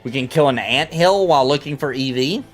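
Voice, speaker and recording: A man with a medium-pitched voice live-streams an online game, talking fairly quickly with faint music behind him. He keeps things casual and playful, joking with viewers and teasing things in the game.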